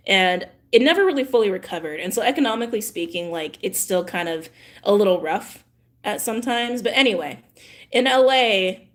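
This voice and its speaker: A woman from California talks casually to her viewers in a loose live-stream chat. She slides into heated rants, swears freely and breaks into laughter often. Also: mid-range voice. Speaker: tarot channel host.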